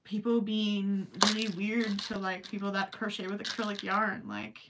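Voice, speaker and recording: A woman chatting on a crafting live stream, emphatic and animated, sometimes trailing off to a near-whisper. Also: mid-range voice, moderate pace, distant mic, very noisy. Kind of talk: casual live stream chat.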